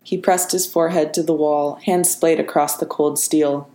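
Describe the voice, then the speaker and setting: A woman reading a story aloud in a steady, expressive narration. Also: low-pitched, normal speed. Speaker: reader. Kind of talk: audiobook narration. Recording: echoey room.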